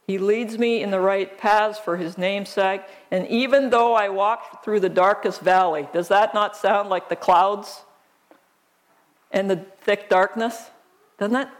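Sex: woman. Role: pastor. Style: slow, conversational sermon with scripture reading and rhetorical questions. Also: fairly high pitch.

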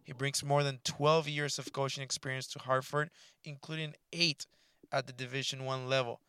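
A man's voice: medium pitch, flat delivery, moderate pace, sharp tone, clean tone, no room sound. A man hosting a volleyball podcast, introducing his guest and asking questions in friendly casual chat. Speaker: podcast host.

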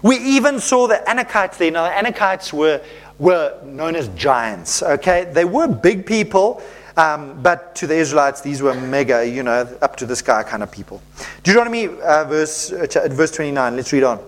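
A man's voice: fairly high pitch, lively intonation, moderate pace. A man preaching a sermon as pastor, reading scripture and acting out playful little voices.

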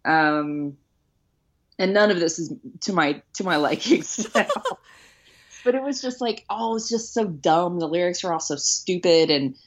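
Low-voiced wry woman in her late thirties. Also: expressive, a little slow. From Houston, United States. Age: late 30s. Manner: wry, self-mocking, lots of ums and likes. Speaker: podcast host. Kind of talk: casual chat.

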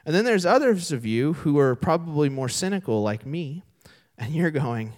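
Young male pastor, sermon, lively pitch, animated storyteller. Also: fairly quick. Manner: animated storytelling with voiced characters. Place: church sanctuary.

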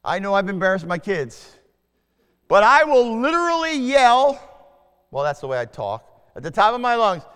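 High-voiced preacher in a long-echoing hall. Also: male voice, moderate pace, clear, resonant tone. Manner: expressive preaching, swings from loud to hushed; asks the congregation questions. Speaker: pastor. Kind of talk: sermon.

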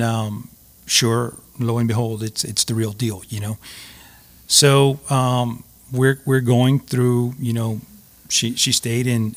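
A middle-aged man, a guest telling a personal story in an earnest, halting way with many restarts. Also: medium pitch.

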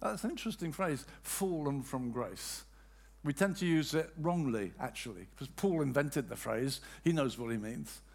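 A man's voice: on the high side, lively intonation, a little fast, creaky, hardly any pauses. A man preaching a sermon in a church, talking conversationally and acting out the voices of people he quotes.

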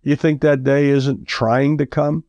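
A man's voice: mid-range voice, flat delivery, a little slow, a little mellow, dry recording, highs cut off. Earnest male preacher, dry sound. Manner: earnest, repetitive exhortation. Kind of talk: radio sermon.

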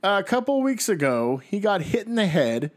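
Male podcast co-host, slightly higher voice, lively casual recapper. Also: normal speed. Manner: animated storyteller, laughs often, acts out quotes. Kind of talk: casual chat.

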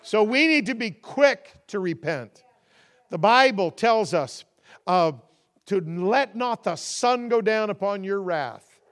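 Male pastor, high voice, preaches with climbing intensity and calls the congregation to respond. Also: expressive, slow pace. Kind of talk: sermon.

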